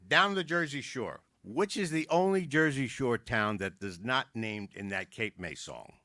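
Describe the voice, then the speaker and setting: A man doing a stand-up comedy set, telling jokes with quick wisecracks and asides. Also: mid-range voice, pushed and bright. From South Philadelphia. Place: community arts center.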